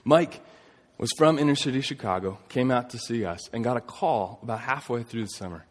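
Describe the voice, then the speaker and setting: A man in his thirties preaching a sermon, telling a story earnestly, rising to emphatic points and dropping to a hush. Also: medium pitch, animated, brisk. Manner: earnest storytelling, swings between emphatic and hushed. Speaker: pastor. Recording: long reverb of a large hall.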